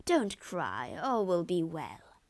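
Scheming villain, low and cold, sly, voiced by a woman. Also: wildly swooping pitch, slow, a little mellow, full character voice.

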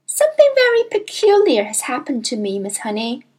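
A woman's voice: sits high, wildly swooping pitch, normal speed, darkish tone, breathy edge, heavily acted. A woman reading a storybook aloud, voicing an earnest little schoolgirl with eager, pleading urgency.

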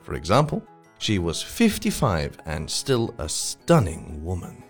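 A man co-hosting an English lesson, relaxed and amused, explaining the meanings of words plainly. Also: deep voice, measured pace. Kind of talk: casual chat lesson. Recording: soft music behind.

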